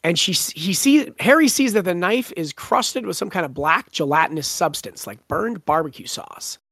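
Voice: mid-range voice, lively intonation, normal speed, a bit bright, no echo. Chatty book podcast host, dry close mic. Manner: laughing, retells scenes with quoted lines. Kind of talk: casual book discussion.

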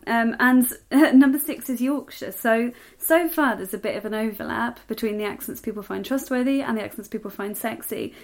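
A woman's voice: fairly high pitch, a little fast, hardly any pauses, darkish tone. A woman from South West England with a posh southern English accent, co-hosting a casual podcast chat and laughing often. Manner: chatty, laughs often, reads out a list. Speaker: podcast co-host.

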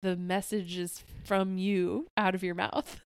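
A woman's voice: medium pitch, little pitch movement, a little slow, clean tone, no echo, studio quality. A woman co-hosting a podcast, chatting casually with lots of "like" and giggles. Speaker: podcast co-host. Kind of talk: casual recap chat.

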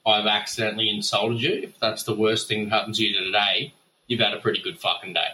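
A man's voice: fairly low pitch, flat delivery, quick pace, sharp tone, a little hiss or hum. An Australian man leaving a casual voicemail, swearing freely and ranting with mock anger. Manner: profane, blustering, mock-angry. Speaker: voicemail caller.

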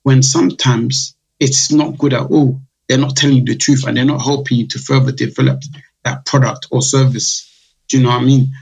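A man's voice: mid-range voice, fairly even intonation, fairly quick, vocal fry, a little mellow, breathy edge, low-quality recording. A man, a drinks business founder telling stories in a casual podcast interview, acting out his customers' voices. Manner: chatty storyteller, acts out customers' voices. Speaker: guest, drinks brand founder.

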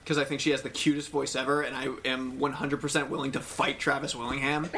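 A man's voice: mid-range voice, little pitch movement, quick pace, sharp tone, a little hiss or hum. A man hosting a casual podcast chat, cheerful and asking the others questions. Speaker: podcast host.

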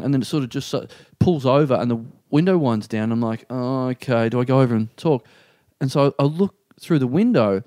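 An Australian man hosting a podcast, telling a story in an animated, self-deprecating way and acting out what people said. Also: medium pitch, no room sound, studio quality. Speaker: podcast host. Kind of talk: casual storytelling chat.

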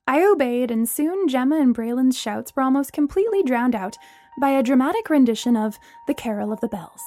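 A woman narrating a story aloud in an expressive, brisk way. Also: high-pitched, dry recording, clean studio sound, soft background music.

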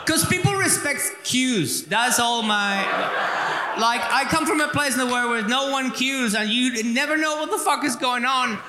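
A man from Venezuela with a Venezuelan Spanish accent, a native Spanish speaker, telling animated stories as a guest on a live comedy panel, repeating words and swearing freely. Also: very high-pitched, normal speed, background noise. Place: festival stage before an audience. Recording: live stage with long hall reverb.

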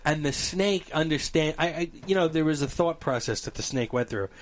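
A man in casual chat, telling a story with animated voices, frequent laughter and swearing. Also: fairly high pitch, a little fast.

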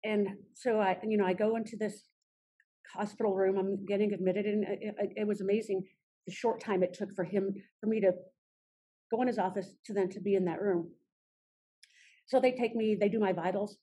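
A woman in her thirties telling her own story in an interview, halting often with restarts and fillers. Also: medium pitch, fairly even intonation, warm tone, slightly rough.

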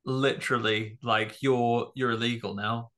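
A man co-hosting a horror film podcast, telling stories and dropping jokey asides in relaxed chat. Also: mid-range voice, a little slow. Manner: jokey, storytelling, offers asides. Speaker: podcast co-host.

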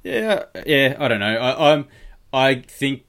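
A man's voice: mid-range voice, sing-song, slow pace, a bit bright. A man hosting a casual fantasy sports podcast, rambling and teasing his co-host. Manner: rambling, restarts, swears and teases.

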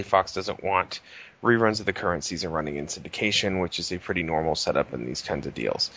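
A man's voice: sits low, pushed and bright, highs cut off. A man co-hosting a podcast, reading entertainment news in a laid-back way, with casual swearing and fillers. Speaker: podcast co-host.

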